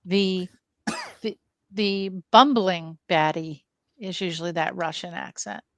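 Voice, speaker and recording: A woman's voice: lowish voice, animated, slow, no echo. A woman co-hosting a film club, thinking aloud in casual talk and addressing the live chat. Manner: thoughtful, speaks to chat, musing asides.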